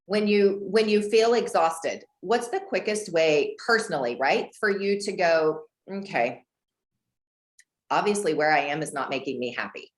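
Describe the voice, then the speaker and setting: A woman from Houston, Texas, coaching a group on a video call, animated and acting out dialogue with big pitch jumps. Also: unhurried. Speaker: guest real estate coach. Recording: roomy echo.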